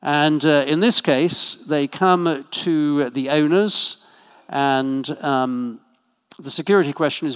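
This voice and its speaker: A man preaches in a church at a medium pitch, keeping his sermon conversational with friendly asides and small jokes. His voice carries a long reverb from the hall around him. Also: slow pace, smooth.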